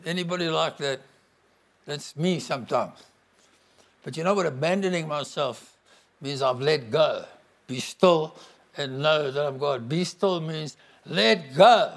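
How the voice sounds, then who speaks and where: A middle-aged man preaching a sermon to a congregation, emphatic and animated. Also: on the high side, measured pace, long pauses. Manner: animated, emphatic, bursts into acted-out quotes.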